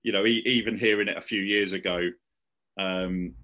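A male podcast host talks in a relaxed, enthusiastic way, leaning on fillers as he gathers his thoughts. His voice sits on the low side for a man. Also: normal speed, muffled recording. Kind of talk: casual chat.

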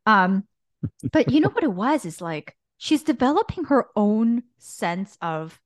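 A woman co-hosting a podcast, talking openly and casually with plenty of filler words. Her pitch swings widely as she tells stories, and the recording is dry and close with no room echo. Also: a little slow. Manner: candid, animated storytelling, many "like" fillers. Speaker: podcast co-host. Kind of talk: casual faith podcast chat.

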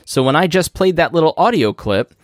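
A man's voice: on the high side, animated, dry recording. Man explaining podcast gear, dry close sound. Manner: conversational, explains step by step with quick asides. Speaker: podcast host. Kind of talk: casual instructional talk. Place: podcast studio. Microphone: studio podcast microphone through a mixer.

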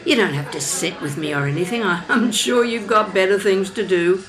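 A woman's voice: mid-range voice, moderate pace, crowd noise, rough recording. A woman who narrates and chats with a stranger in a café, asking curious, friendly questions. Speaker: narrator and café conversation partner. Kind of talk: casual scripted dialogue with narration.

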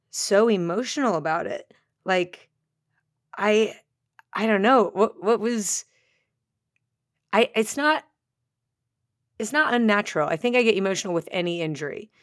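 A woman hosting an interview in a casual, chatty way, with quick reactions and interjections. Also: mid-range voice, dry recording, studio quality. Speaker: podcast host.

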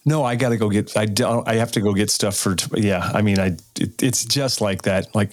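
A man co-hosting a podcast in casual chat, jokey and quick to laugh. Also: on the low side, fairly even intonation, dry recording, clean studio sound. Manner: jokey, laughs often, does quick impressions. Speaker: podcast co-host.

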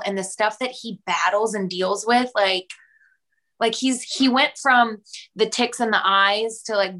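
A young woman guest on a podcast, talking earnestly and warmly in a casual conversation, laughing often and acting out little scenes. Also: mid-range voice. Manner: warm, earnest, laughs often, animated retelling.

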